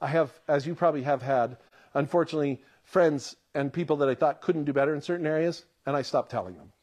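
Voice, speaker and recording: Male pastor, somewhat high voice, lively storyteller who acts out quotes mid-sermon. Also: fast.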